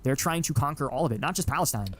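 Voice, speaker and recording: A man's voice: fairly high pitch, expressive, very fast, a bit bright, a little hiss or hum. A man in a casual political argument, blunt and lecturing, dropping swear words as he lays out his view.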